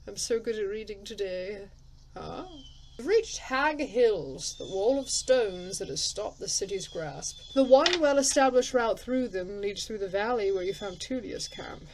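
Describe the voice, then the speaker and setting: A woman's voice: mid-range voice, lively intonation, unhurried, a little mellow, slight background noise, low-quality recording. A woman playing a story game, reading its text aloud and thinking aloud in casual, chatty commentary, laughing at herself. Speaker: let's player.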